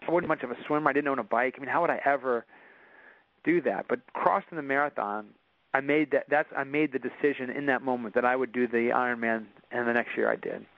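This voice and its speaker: A man's voice: mid-range voice, fairly even intonation, fast, dry recording. A man as an interview guest, telling a personal story in earnest with frequent restarts. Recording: dull dry recording.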